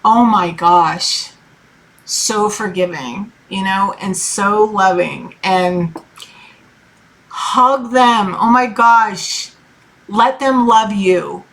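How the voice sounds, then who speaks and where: A woman's voice: mid-range voice, drawn-out words, a bit bright. A woman in her thirties giving a casual tarot reading, loose and encouraging, with lots of swearing and fillers. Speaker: tarot reader.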